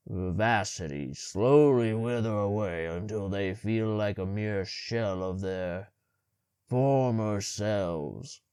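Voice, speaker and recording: A man putting on a gruff, halting ruler with a gravelly voice. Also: dry recording, clean studio sound. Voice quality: deep, gravelly, hoarse voice. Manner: halting, stumbles over words while reading aloud, booming. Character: gruff pompous adult male ruler, short-tempered.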